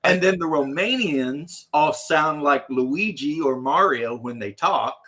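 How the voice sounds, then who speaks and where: A man's voice: a little high, slow pace. A man co-hosting a casual talk show, rambling and laughing as he talks. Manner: rambling, laughs often, bursts into shouted imitations. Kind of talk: casual chat.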